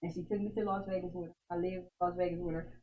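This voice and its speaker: A woman's voice: fairly low pitch, level tone, rapid-fire, phone-quality sound. A woman who is a guest on a show, telling her personal faith testimony in an emphatic way, repeating phrases for stress and often laughing. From United States.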